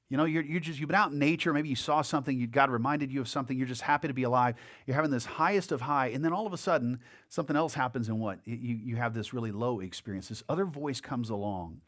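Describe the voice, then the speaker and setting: A man's voice: mid-range voice, fairly bright tone. A man preaching a sermon as a pastor, in a conversational way, often repeating words and acting out the lines of the people in his story.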